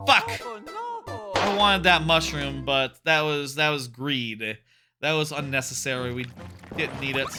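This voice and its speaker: A man's voice: mid-range voice, a little slow. A man streaming a platform game, chatting casually and candidly, swearing often and thinking aloud as he plays. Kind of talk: casual live-stream commentary while playing. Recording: music playing behind.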